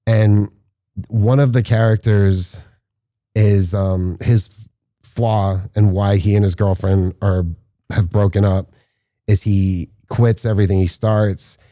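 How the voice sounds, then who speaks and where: Low dark-toned guy on a podcast, tells set stories, does the voices, dry sound. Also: dry recording. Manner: animated storyteller, acts out quotes with rising pitch. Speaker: filmmaker guest. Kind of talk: casual podcast interview storytelling.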